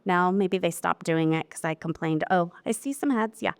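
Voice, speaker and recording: A woman giving a live technical seminar talk about winery lab work, chatty and candid with animated asides. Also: on the low side, moderate pace, smooth, no room sound. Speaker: wine lab technical presenter.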